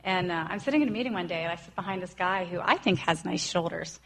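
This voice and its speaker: A woman's voice: fairly low pitch, fast talker, fairly bright tone, slight background noise. A woman in her forties tells her personal recovery story in an earnest, heartfelt way. She keeps acting out the voices of the people she quotes. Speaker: recovery speaker.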